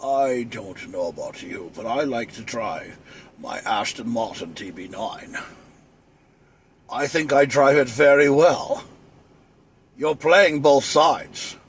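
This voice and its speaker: A man's voice: medium pitch, breathy edge. A man doing a smug older Scottish film star. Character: impression of a suave older Scottish movie star.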